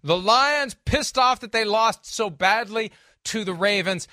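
Wry high-voiced male sports host. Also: a little slow, bright, forceful tone, no room sound, clean studio sound. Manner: wry, emphatic, playful trash talk. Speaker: football picks host. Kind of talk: casual sports picks chat.

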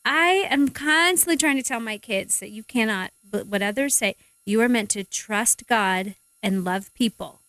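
A woman speaks on a faith-based radio talk show in a lightly raised voice. She is animated and acts out little quotes with big pitch leaps. The sound is close and dry, with no room around her. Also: moderate pace, few pauses, no room sound. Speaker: guest speaker; parent.

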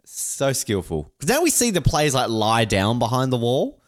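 A man's voice: wildly swooping pitch, normal speed. A man co-hosting a sports podcast in casual chat, joking around and reading jokes aloud. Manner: jokey, puts on silly high voices. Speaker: podcast co-host.

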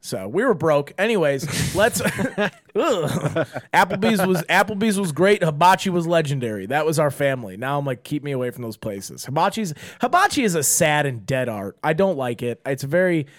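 A man's voice: a little high, very animated, moderate pace, no echo. Young man, casual podcast co-host, rambling and profane, dry close mic. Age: 20s. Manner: loose, rambling, swears, says dude a lot. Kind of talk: casual chat.

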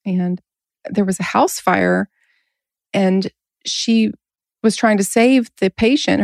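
A woman's voice: mid-range voice, creaky, no room sound, clean studio sound. A woman hosting a casual podcast, talking earnestly and laughing often. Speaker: podcast host.

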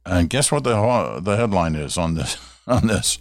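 A man's voice: sits low, sing-song, moderate pace, dry recording, clean studio sound. An older Canadian man hosting a radio talk show, chatting in a storytelling way and reading listener letters. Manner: warm storytelling, reads listener letters aloud. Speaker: radio host. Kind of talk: casual talk radio monologue.

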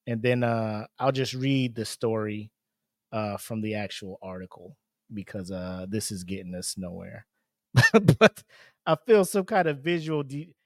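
A man's voice: mid-range voice, darkish tone, dry recording. Man, podcast host, rambling, swearing, laughing, dry voice. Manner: profane, laughs often, rambling with fillers. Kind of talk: casual solo podcast commentary.

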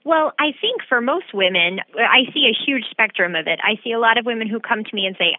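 A woman physician answering interview questions in a measured, explanatory way. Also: on the high side, lively intonation, no echo. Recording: tinny phone-like dry sound.

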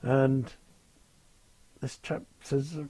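A man's voice: medium pitch, fairly even intonation, drawn-out words, dark tone, slightly rough, dry recording. An older man, a retired airline captain telling wry, understated stories in an interview. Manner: wry, understated, dryly amused. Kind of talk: anecdotal interview storytelling.

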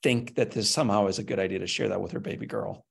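Low gravelly man hosting an interview. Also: steady tone. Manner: earnest, empathetic, measured questions. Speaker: interview host. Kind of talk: heartfelt conversational interview.

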